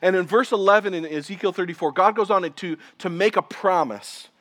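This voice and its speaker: A man in his thirties preaching a sermon as pastor, earnest, slowing down and dropping quiet for emphasis. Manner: earnest preaching, slows for emphasis, drops to quiet low lines.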